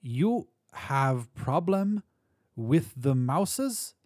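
A man voicing a high-pitched, overly polite foreign exterminator who speaks broken English. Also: wildly swooping pitch, normal speed, mellow, breathy edge, no echo, clean studio sound, exaggerated voice. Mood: fussy polite. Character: fussy high-voiced male foreign exterminator.

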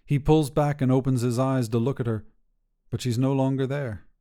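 A man narrating a short fiction podcast in a steady, scripted storytelling manner. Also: medium pitch, moderate pace.

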